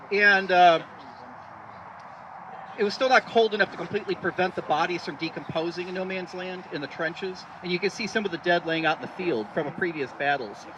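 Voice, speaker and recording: A man giving a rambling outdoor history talk at a re-enactment, with many fillers and restarts. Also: high-pitched. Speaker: re-enactment presenter. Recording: distant outdoor recording with loud background noise.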